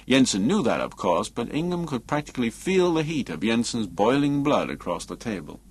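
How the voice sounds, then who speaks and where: A man narrating a novel as an audiobook in a measured, expressive reading. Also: medium pitch, slightly rough.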